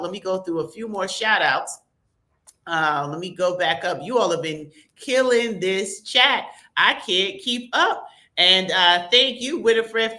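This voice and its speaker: A woman hosting a live stream, chatting casually and reading out shout-outs from the chat in a lively, conversational way. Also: medium pitch. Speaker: livestream host.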